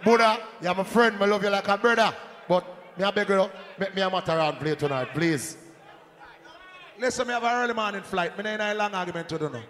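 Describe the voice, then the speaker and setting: A man with a Jamaican accent hyping a live dance as sound system selector, shouting and joking with the crowd over a handheld mic. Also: sits high, quick pace. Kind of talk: live hype talk at a dance. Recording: echoey hall, faint crowd noise.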